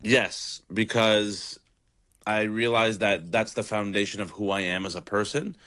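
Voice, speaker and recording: Young comedian man from Toronto, low voice, relaxed, lots of ums. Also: a little slow. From Toronto, Canada. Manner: relaxed, rambling with fillers. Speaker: comedian guest. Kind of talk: casual radio interview.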